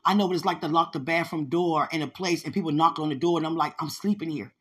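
A woman's voice: deep voice, fairly even intonation, quick pace, fairly bright tone, slightly rough. A woman hosting a podcast, telling her personal testimony in an earnest, conversational way and speaking straight to her listeners. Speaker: podcast host sharing a testimony.

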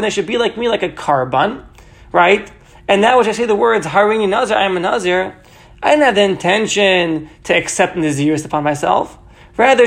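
A Talmud teacher with a high-pitched, gravelly voice works through a Mishnah passage, reading Hebrew phrases aloud and paraphrasing each one in English. He keeps checking in by asking "right?"

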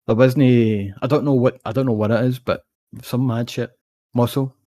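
A man's voice: mid-range voice, fairly even intonation, moderate pace, dark tone. A young Scottish man chatting on a podcast, telling a long rambling story with plenty of swearing. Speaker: podcast co-host. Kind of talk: casual chat.

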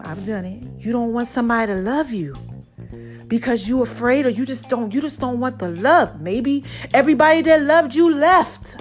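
High-voiced woman giving loving pep talks.

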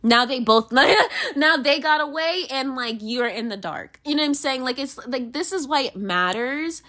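A woman's voice: lively intonation, normal speed, sharp tone. A young woman in a candid monologue, rambling with many fillers and restarts, swearing and venting with emotion. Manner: emotional, pitch swinging widely.

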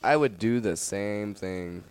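A man's voice: on the low side, slow, clean tone. Profane young man telling wild stories. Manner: profane, animated storytelling with acted quotes. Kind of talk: casual storytelling chat.

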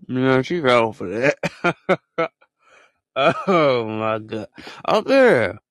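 Animated man on a casual podcast. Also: extremely slow, dry recording. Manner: animated, slangy storytelling with sudden high-pitched exclamations. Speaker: podcast co-host.

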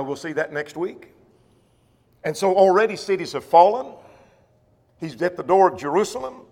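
Man teaching a Bible class. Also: on the high side. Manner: explains scripture plainly, rephrases verses, asks rhetorical questions. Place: church classroom or auditorium. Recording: long reverb of a church hall.

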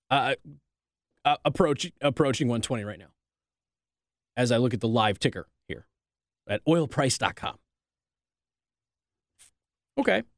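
A man's voice: fairly high pitch, no room sound, clean studio sound. A man doing sarcastic political commentary, reading news clippings aloud and breaking off to mock them with rhetorical questions. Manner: reads articles aloud then interjects.

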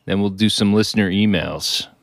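A man's voice: fairly low pitch, moderate pace, creaky, a little hiss or hum. A man co-hosting a podcast in casual chat, tossing in dry joking asides. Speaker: podcast co-host.

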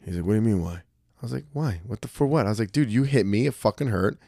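Fast-talking, foul-mouthed storyteller man. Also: fairly low pitch, animated, creaky, mellow, no echo, clean studio sound. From New Jersey, US. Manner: profane, storytelling, acts out quoted voices. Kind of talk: casual chat.

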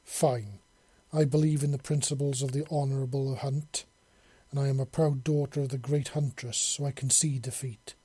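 A man voicing a proud female alien huntress with mandibles, gravelly, sulky and snarling. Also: mid-range voice, flat delivery, moderate pace, dark tone, no echo, natural voice. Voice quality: gravelly, growling.

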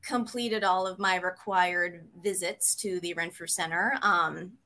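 Slow, bright-voiced woman telling her story. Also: lowish voice, fairly even intonation. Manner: hesitant, many pauses and fillers; candid and emotional. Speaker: interview guest, psychotherapist. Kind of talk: personal storytelling in a conversation.

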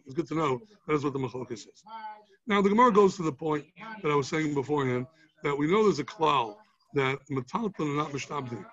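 Husky man teaching a Talmud class. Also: fairly high pitch, lo-fi sound. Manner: explains step by step with examples, frequent restarts and rhetorical questions.

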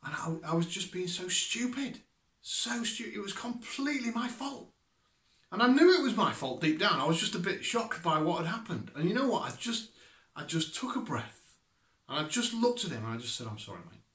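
A man's voice: sits high, big pitch swings, moderate pace, a bit bright. Conversational man preaching, roomy sound. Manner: conversational, with asides and questions to listeners. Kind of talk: sermon. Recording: echoey room.

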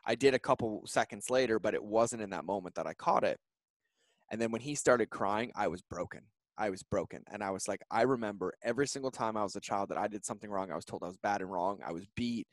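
Brief: thirties male guest, low and heartfelt, close dry mic, earnest run-on storytelling. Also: fast, no room sound. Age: 30s. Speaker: podcast guest. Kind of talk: emotional personal storytelling.

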